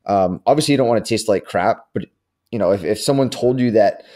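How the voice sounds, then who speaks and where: A man co-hosting a casual podcast chat who rambles, uses lots of fillers and throws in quick asides. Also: on the low side, dark tone. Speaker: podcast co-host.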